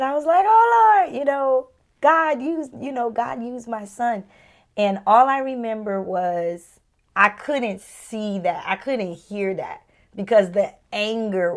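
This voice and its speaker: A woman in her thirties, a podcast co-host, candidly telling a personal story with emotion, dropping to a near-whisper at tender points. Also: mid-range voice.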